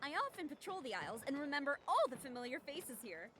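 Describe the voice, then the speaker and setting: An actress voicing a proud, watchful security officer in a video game. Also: female voice, sits high, very animated, fast, fairly bright tone. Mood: proud, welcoming. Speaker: game character. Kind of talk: game voice acting.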